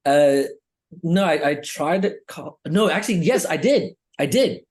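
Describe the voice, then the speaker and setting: A man's voice: fairly high pitch, expressive, measured pace, darkish tone. A young man on a podcast, telling a story casually, rambling with lots of fillers and swearing. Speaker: podcast co-host. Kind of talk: casual chat.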